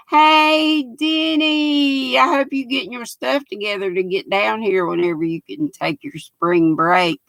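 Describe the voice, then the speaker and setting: A woman's voice: high voice, vocal fry, a bit bright, no room sound, poor audio. An older woman, hosting a livestream in a folksy, chatty way, reading out comments from her viewers. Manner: folksy, chatty, laughs often. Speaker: livestream host.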